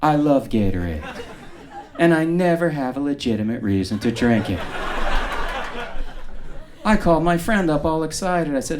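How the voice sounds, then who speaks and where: A man doing a stand-up comedy set on stage with a dry, deadpan delivery. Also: a little high, moderate pace, pauses often, a crowd in the background. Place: comedy club stage before a live audience.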